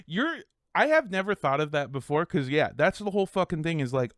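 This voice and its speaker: A male podcast co-host in casual chat, ranting hard and swearing freely. His pitch swings widely as he slips into mocking voices. The sound is close and dry. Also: a little fast, no echo. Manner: animated profane ranting with mocking impressions.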